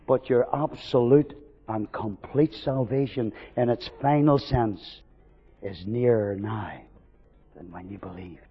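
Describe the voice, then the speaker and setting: A man preaching a sermon, swinging from loud fervent declarations to hushed storytelling. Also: lowish voice, slow pace, slightly rough, faint music behind. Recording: dull recording with long hall reverb.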